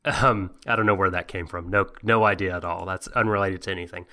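A man's voice: low voice, fairly even intonation, fairly quick, pushed and bright. A man co-hosting a casual podcast, talking in a wry, joking way. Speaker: podcast co-host.

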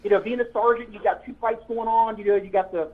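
A man's voice: sits high, fairly even intonation, fast, background noise. A man, a former police officer, telling old patrol stories in casual chat, rambling and correcting himself as he goes. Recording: tinny phone-like line.

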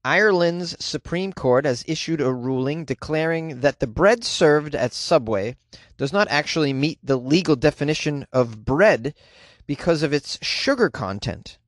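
Ranting comedy news host. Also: male voice, on the high side, a little slow, no echo, studio quality. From United States. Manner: animated, ranting, crude and sarcastic.

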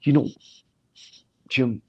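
A man's voice: drawn-out words, muffled recording. A man relaying the words of a laid-back, thoughtful male rock drummer who is giving him advice, close to his own voice. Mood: earnest.

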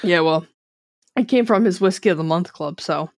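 A woman's voice: fairly low pitch, normal speed, no echo, clean studio sound. A woman guest on a podcast telling stories in casual chat, with a wry edge. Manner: chatty storyteller, wry.

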